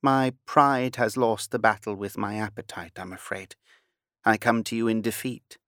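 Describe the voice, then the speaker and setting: A man's voice: fairly low pitch, fairly even intonation, moderate pace, fairly bright tone, dry recording, clean studio sound, close to an everyday voice. A man voicing a proud, prim young English noblewoman who speaks in a haughty, clipped way. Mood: apologetic. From England.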